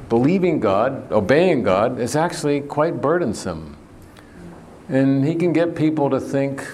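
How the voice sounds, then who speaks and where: A man preaches an earnest sermon in a plain, mid-pitched, darkish voice, stressing key words and posing questions to the congregation. A faint hum can be heard behind him.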